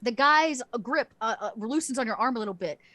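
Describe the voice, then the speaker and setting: Female game master, chatty and rambling, slightly high voice, dry sound. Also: lively intonation, a little fast, pushed and bright, no echo. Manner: chatty with many fillers and restarts. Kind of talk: narrating a tabletop game.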